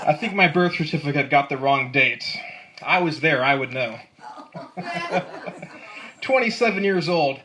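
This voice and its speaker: A man's voice: a little high, animated, a little slow, long pauses, pushed and bright, slight background noise. A man in his twenties performing stand-up comedy, delivering dry one-liners and chuckling at his own jokes. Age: 20s. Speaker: amateur comedian. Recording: live set with audience laughter. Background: audience laughing.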